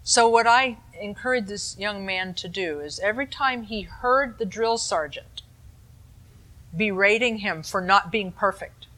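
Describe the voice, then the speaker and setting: Bright-voiced woman giving a dharma talk. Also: mid-range voice, a little slow. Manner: calm, explanatory teaching with conversational asides. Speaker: meditation teacher.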